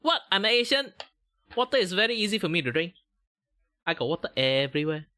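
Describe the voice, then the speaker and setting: A man's voice: high-pitched, big pitch swings, fairly quick, bright, forceful tone, dry recording, clean studio sound. A young man from Malaysia hosting a casual livestream chat, talking in a rambling, filler-heavy way, laughing often and playfully teasing his viewers. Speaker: livestream host.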